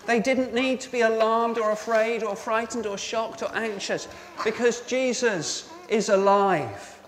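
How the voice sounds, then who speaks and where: Speaking at a measured pace in a high-pitched voice, a male pastor gives an Easter sermon meant for all ages. He questions the congregation and echoes their replies, his words ringing through a reverberant church with faint background noise.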